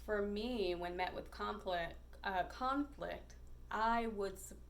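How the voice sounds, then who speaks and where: A woman podcast host telling a personal story in a reflective, hesitant way, with many pauses and fillers. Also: mid-range voice.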